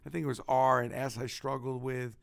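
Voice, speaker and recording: A man with a Brooklyn accent, a podcast guest telling stories from his life in an animated, emphatic way. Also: mid-range voice, a little fast, creaky, no room sound. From Brooklyn, New York. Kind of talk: casual storytelling.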